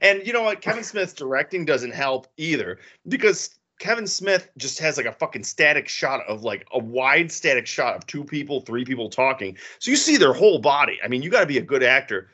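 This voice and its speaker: A man co-hosting a podcast in a casual, profane, animated way, laughing often. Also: mid-range voice, brisk, hardly any pauses, husky. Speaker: podcast co-host. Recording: dull lo-fi sound.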